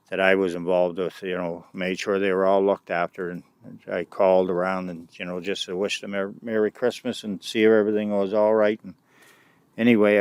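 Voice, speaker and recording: A middle-aged man casually recounting his years of mentoring kids, speaking haltingly with frequent restarts and side remarks. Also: low voice, no room sound. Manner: halting and unpolished, with many restarts and "anyway" asides. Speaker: youth mentor recounting experiences. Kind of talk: casual personal storytelling.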